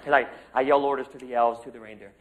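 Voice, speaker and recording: A man's voice: mid-range voice, steady tone, quick pace, slight background noise, low-quality recording. A man, an acting student, telling a casual story to a class, chatty and a bit salty with plenty of fillers.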